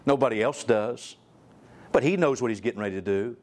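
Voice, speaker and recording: A male guest preacher delivering a sermon, reading scripture aloud and asking the congregation direct questions, his pitch and loudness swinging widely. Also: brisk. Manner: reads scripture aloud in old-style wording; asks the listeners direct questions.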